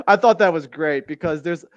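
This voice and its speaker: A man's voice: on the high side, moderate pace, no echo, lo-fi sound. A man co-hosting a casual podcast, rambling and laughing often as he recounts scenes. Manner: rambling, laughs often, quotes lines in a put-on voice. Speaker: podcast co-host. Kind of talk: casual chat.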